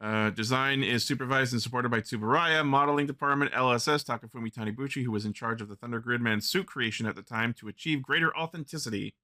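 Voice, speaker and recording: A man co-hosting a podcast, reading product news in an even, matter-of-fact way. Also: medium pitch. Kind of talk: casual chat and news reading.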